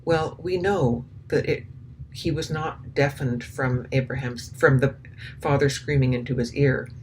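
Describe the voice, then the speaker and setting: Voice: mid-range voice, steady tone, measured pace, a little mellow, a little hiss or hum, poor audio. A commentator talking through a recording, hesitant and full of restarts, with indignant, sarcastic asides. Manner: hesitant, many ums and restarts. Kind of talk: spoken commentary.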